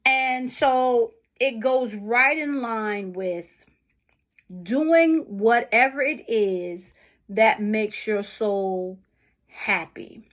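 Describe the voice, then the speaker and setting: A woman talks in an unhurried, conversational way, often stopping to put questions to whoever is listening. Her voice sits fairly high for a woman. She sounds middle-aged and speaks at a slow, easy pace. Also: a bit bright. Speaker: vlogger. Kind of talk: casual motivational talk to camera.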